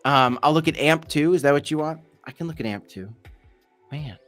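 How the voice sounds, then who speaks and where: Guy on a livestream reading chat, joking around, bit of a higher voice, soft music under it. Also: normal speed. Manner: loose and jokey, rambling with fillers and restarts. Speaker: host of a crypto livestream.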